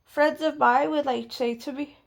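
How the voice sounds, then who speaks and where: Gravelly, sweary woman telling a story. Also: sits high, steady tone, normal speed. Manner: blunt, heavily sweary storytelling. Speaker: vlogger. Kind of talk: storytime vlog.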